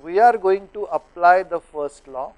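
A middle-aged man from India explaining thermodynamics to teachers in a lecture studio, pausing often with fillers as he works through examples. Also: sits high, expressive, highs cut off.

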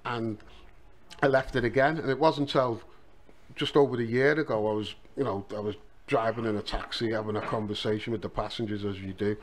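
This podcast guest, an author who also drives a taxi, is a middle-aged man from Liverpool whose brisk voice sits on the low side, with a little hiss or hum in the audio. He tells stories casually and conversationally, tossing in frequent "you know"s along the way.

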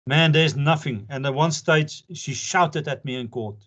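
A man's voice: fairly high pitch, a little slow, fairly bright tone. Chatty older man lecturing, lo-fi sound. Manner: chatty, jokey, earnest, laughs often. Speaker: advocate lecturing pupils. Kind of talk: informal lecture with anecdotes. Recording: dull lo-fi lecture recording.

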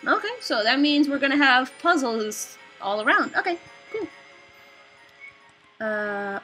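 A young woman giving excitable, animated let's play commentary on a video game. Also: high voice, takes it slowly, pauses often, soft background music. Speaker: gamer.

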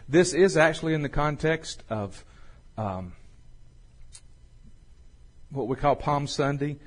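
A man preaching a sermon as pastor, slowing and swelling when he reads scripture. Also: on the high side, expressive. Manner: folksy, swells louder and slower on scripture.

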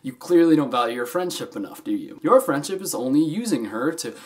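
A young man hosting his own vlog, talking casually and jokingly, swinging between loud bursts and quieter asides. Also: on the high side, fairly quick. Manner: animated, jokey, swings between loud and soft. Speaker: vlogger host.

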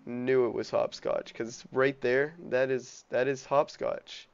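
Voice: mid-range voice, level tone, slow pace, smooth, muffled recording. A gamer musing aloud in casual gameplay commentary. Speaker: let's play gamer.

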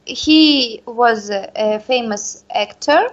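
Brief: high-pitched woman student, native Russian speaker, slow and hesitant, on a muffled call line. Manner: hesitant, searching for words. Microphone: video call.

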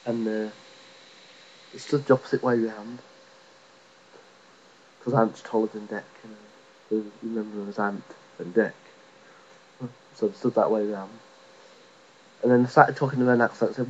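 A man in the middle of a rambling, profane rant, speaking at an ordinary mid pitch. He swears freely and mocks his targets as he goes. The audio is dull and lo-fi, like a cheap home setup. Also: moderate pace, pauses often, darkish tone, a little hiss or hum. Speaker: vlogger.

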